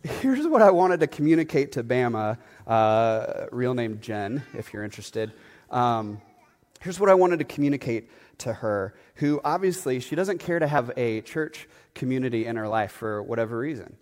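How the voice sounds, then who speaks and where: A man, a pastor, telling a story in a sermon, chatty and animated, with lots of fillers and asides. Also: mid-range voice, moderate pace, in a large hall. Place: church sanctuary.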